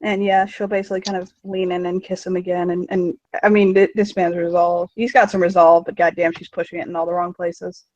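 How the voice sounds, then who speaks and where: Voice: mid-range voice, level tone, fairly quick, few pauses, darkish tone, no echo. A game master narrating a tabletop game in a loose, rambling way with many fillers and swearing, on a dull lo-fi recording.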